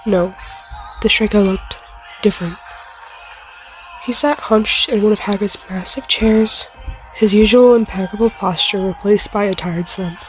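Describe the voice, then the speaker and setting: A woman's voice: mid-range voice, unhurried, pauses often, soft background music, poor audio. A woman reading a fan fiction story aloud in a casual way, now and then stumbling over words and apologizing.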